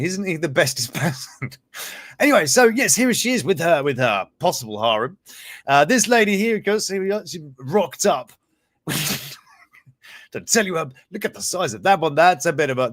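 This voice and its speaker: Brief: a jokey, rambling man hosting a comedic news show, slightly high voice. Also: dry recording, studio quality. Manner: joking, laughs often, rambling asides. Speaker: host.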